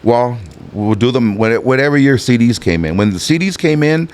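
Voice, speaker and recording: A podcast guest, a rapper in his fifties hailing from the Los Angeles harbor area, speaks at medium pitch, animated and a little mellow, at normal speed. His casual storytelling is rambling and easygoing, with frequent fillers and restarts.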